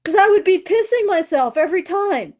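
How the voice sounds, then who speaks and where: A woman's voice: very high-pitched, lively intonation, brisk, a little mellow. A woman co-hosting a podcast in casual chat, blunt, sarcastic and profane. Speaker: podcast co-host.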